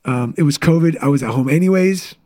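A man's voice: on the high side, a little mellow. A man in his thirties, a business coach, telling candid personal stories in a casual interview chat. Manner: candid, storytelling, quick asides.

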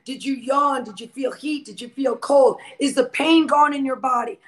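High-pitched woman shouting fervent prayer. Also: normal speed, hardly any pauses. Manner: commanding, repetitive shouted declarations. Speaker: guest minister.

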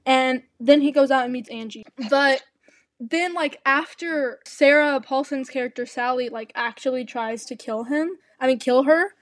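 A young woman co-hosting a podcast, chatting casually and animatedly with quick asides. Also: sits high, dry recording. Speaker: podcast co-host. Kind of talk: casual chat.

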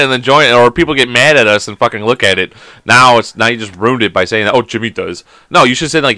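A man bantering on a casual podcast. His voice is bright and forceful, and his pitch swings widely as he rambles, swears and laughs. The sound is dry and close. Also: animated, no room sound. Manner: profane, rambling, quick to laugh. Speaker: podcast co-host.

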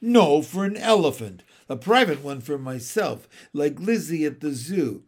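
A curious, sulky little boy, as a man narrating puts him on, full of wondering questions. The voice sits a little high, with a lively, rising and falling pitch. He speaks at an unhurried pace. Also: husky, full character voice. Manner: wondering, grumbling.

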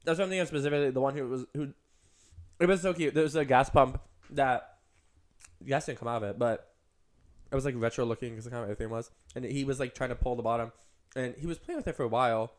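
A man's voice: medium pitch, fast. A man co-hosting a podcast in casual chat, rambling with lots of "like" and "um". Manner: rambling, heavy use of "like" and "um". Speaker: podcast co-host.

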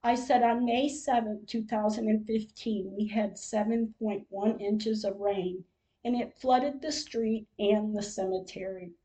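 An older woman tells her own story slowly and carefully, reading it like diary entries. Her voice is mellow and soft-edged, with a warm, unhurried delivery that carries feeling beneath it. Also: medium pitch, steady tone, poor audio. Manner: slow, measured storytelling with emotional moments. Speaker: podcast host. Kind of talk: reading a personal diary-style account.

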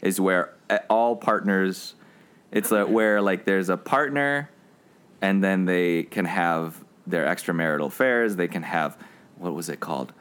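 A man's voice: deep voice, a little slow, a bit bright, clear, resonant tone. A man co-hosting a casual film review podcast from the US, rambling with many fillers and laughing often. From United States. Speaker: podcast co-host.

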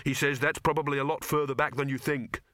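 A man voicing an earnest young man who explains things haltingly. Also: fairly high pitch, steady tone, sharp tone, dry recording, studio quality, pitched above the performer's own voice.

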